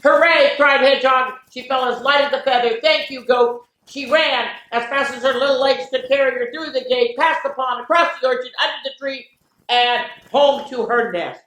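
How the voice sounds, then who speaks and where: Animated older woman reading stories to kids. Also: sits high, normal speed. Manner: animated, with playful sound effects and chatty asides. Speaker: children's story reader. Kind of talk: reading picture books aloud to children. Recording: echoey room with faint noise.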